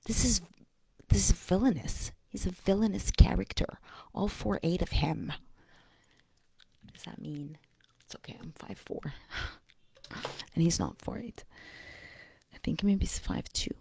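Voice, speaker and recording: A woman vlogging in a casual, rambling monologue, often dropping to a breathy whisper and speaking bluntly with profanity. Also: on the low side, a little slow, pauses often, warm tone, no room sound.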